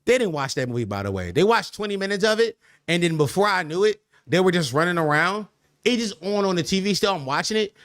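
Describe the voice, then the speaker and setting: A man's voice: high voice, animated, quick pace, a bit bright, dry recording, clean studio sound. Slangy young man chatting on stream. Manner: loose slangy banter, trailing off into laughs. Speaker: podcast host reacting to live chat. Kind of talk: casual livestream chat.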